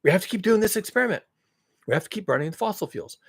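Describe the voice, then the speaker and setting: A man with a husky, slightly high voice rants sarcastically, his pitch leaping about wildly. He swears freely and swings between loud mocking outbursts and low mutters. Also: animated, very fast. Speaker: commentary channel host. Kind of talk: sarcastic rant monologue.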